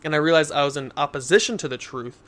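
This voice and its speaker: A man's voice: on the high side, quick pace, a bit bright. A young man in casual Christian podcast talk, earnest and telling stories to make his point. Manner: earnest, storytelling with acted quotes.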